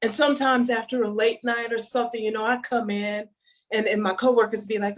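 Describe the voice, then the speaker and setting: A woman doing a stand-up comedy set remotely, telling stories with animated delivery and laughing at her own jokes. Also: on the high side, fairly quick. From Chicago, USA.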